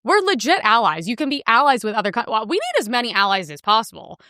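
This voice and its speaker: A woman hosting a podcast, ranting in heated, fast commentary and clipping her swear words short, with a sore throat. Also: a little high, huge pitch swings, sharp tone, no echo, clean studio sound. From United States. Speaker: podcast host.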